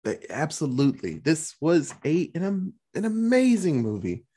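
A man co-hosting a podcast, reviewing a movie in casual chat, excitable and rambling, swearing freely. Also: fairly high pitch, normal speed, slightly rough. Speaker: podcast co-host.

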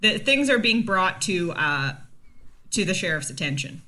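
A woman with a bright, clear voice co-hosts a casual podcast. She is chatty and playful and slips into quick impressions of characters. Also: lowish voice, sing-song. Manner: chatty, jokey, acts out characters' lines. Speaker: podcast co-host. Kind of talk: casual chat about a TV series.

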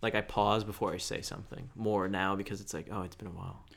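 A young man talks in a relaxed, low voice, working through his thoughts with lots of "like." He sounds easygoing among friends on a casual podcast. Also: quick pace, gravelly. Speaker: podcast co-host. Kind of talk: casual chat.

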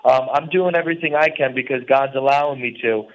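A man calling in to a radio show from a prison cell. He talks earnestly and at a mid pitch, preaching at times. His speech is loose and full of fillers. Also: brisk, highs cut off. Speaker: guest calling in. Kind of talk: interview on talk radio.

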